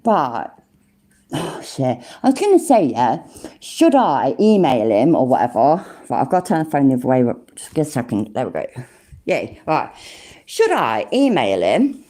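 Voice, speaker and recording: A woman in her forties chatting casually on a livestream, reading chat out, swearing a lot and exclaiming loudly. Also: very deep voice, sing-song, unhurried. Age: 40s. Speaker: livestream host.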